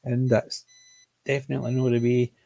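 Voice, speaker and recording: Chatting casually about a TV comedy, this Scottish reviewer rambles, keeps correcting himself, and apologetically starts over. His mid-range voice is gravelly and dark, his delivery completely flat, and his speed normal. The mild Scottish accent comes through throughout.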